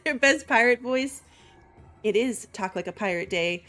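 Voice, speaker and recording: Soft music plays under a woman's slightly high, somewhat bright voice, lively in intonation and measured in pace. She gives relaxed commentary on a city-building game, talking with viewers, reading chat aloud and laughing frequently.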